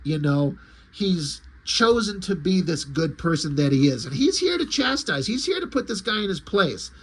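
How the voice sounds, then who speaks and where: Give me a husky middle-aged man talking comics in an animated, emphatic way. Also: high voice, normal speed. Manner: animated, emphatic, casual swearing. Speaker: comic book reviewer. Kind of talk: casual comic recap.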